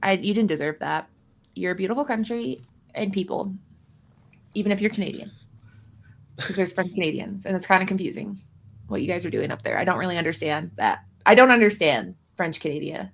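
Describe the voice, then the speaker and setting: A woman's voice: on the low side, animated, brisk, vocal fry. A woman co-hosting a live stream in casual chat, rambling and self-deprecating with a jokey edge. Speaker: streamer co-host. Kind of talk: casual stream chat about a card game.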